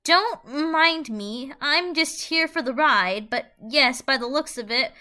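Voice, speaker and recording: A woman's voice: high-pitched, slow, bright, forceful tone, pitched above the performer's own voice, full character voice. A woman voicing a suave male cat drifter in a fan audio drama, tossing off breezy quips.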